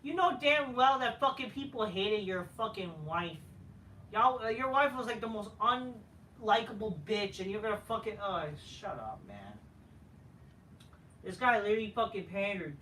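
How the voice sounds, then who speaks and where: A man rants through a wrestling review, cursing freely and stumbling through fillers. His voice is bright and sits high for a man, picked up from a distance in a reverberant room with faint noise behind. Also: expressive, moderate pace. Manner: profane, rambling, frequent fillers. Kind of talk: profane casual rant. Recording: echoey room, distant mic.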